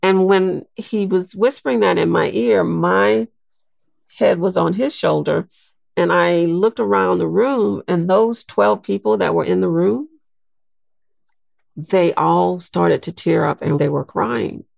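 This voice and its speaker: An older woman, a guest in an interview, telling a personal story in a slow, reflective way. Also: on the low side, vocal fry, a little mellow, dry recording, clean studio sound.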